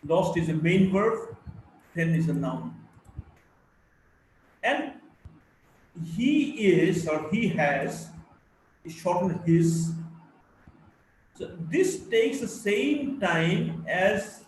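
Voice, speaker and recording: A man teaching a live online class, who speaks deliberately and demonstrates stress patterns by repeating example sentences aloud. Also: high voice, big pitch swings, far from the mic. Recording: very echoey room with faint noise.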